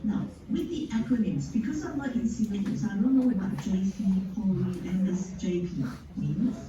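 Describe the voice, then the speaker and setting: Lady going over grammar tips on a call, slow and patient, sounds far off and echoey with noise behind. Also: mid-range voice, highs cut off. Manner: patient, explains slowly with examples. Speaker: grammarian at a speaking club meeting. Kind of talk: meeting feedback talk. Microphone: video call. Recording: echoey, distant, noisy call audio.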